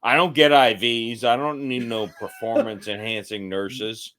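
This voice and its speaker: A tipsy man co-hosting a podcast, ranting loudly and profanely in casual chat. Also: mid-range voice, measured pace. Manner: loud, profane, animated ranting. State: tipsy from drinking. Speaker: podcast co-host.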